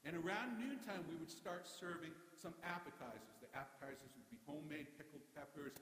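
A man's voice: a little high, fairly quick, a bit bright. A man giving a sermon as pastor, telling humorous stories in a conversational way. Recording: echoey hall.

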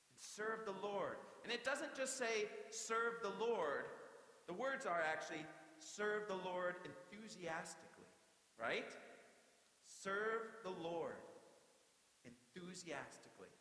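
A young male pastor preaches with a high, bright, ringing voice. His delivery is lively and conversational, full of playful asides to the congregation. The sound carries long reverb, as in a big echoey church hall. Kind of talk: sermon.

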